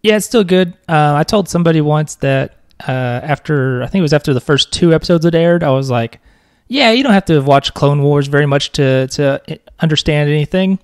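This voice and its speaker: A young man rambles through relaxed podcast banter with a gravelly, fry-heavy voice. He jokes and laughs easily. The sound is dry and close, with no room echo. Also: fairly high pitch, fairly quick. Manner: joking, rambling, laughs often. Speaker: podcast co-host. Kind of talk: casual chat.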